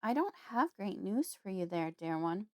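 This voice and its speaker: A woman reading a calm, protective uncle. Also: mid-range voice, no echo, clean studio sound. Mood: soothing. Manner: calm, soothing, measured. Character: gentle, protective adult uncle, calm and wise.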